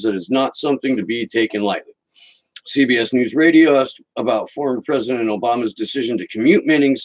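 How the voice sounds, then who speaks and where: A man's voice: medium pitch, poor audio. A man hosting a podcast, giving sarcastic, mocking political commentary and reading quotes aloud. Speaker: podcast host.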